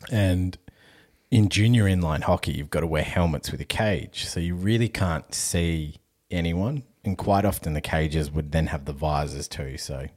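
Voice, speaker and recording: Casual podcast host, Australian man, very low voice, loose and sweary, laughs through his anecdotes. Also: moderate pace, darkish tone. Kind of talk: casual storytelling chat.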